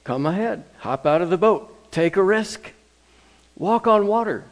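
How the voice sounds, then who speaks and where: A man voicing Jesus as a calm, easygoing, encouraging teacher in a sermon retelling. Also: high-pitched, unhurried, voice pushed up.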